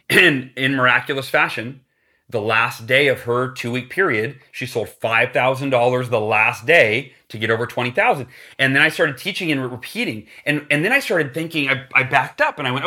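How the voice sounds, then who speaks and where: Animated storytelling man, bright voice. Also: mid-range voice, normal speed. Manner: animated, acts out quotes, motivational. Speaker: guest. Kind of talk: storytelling in a podcast interview.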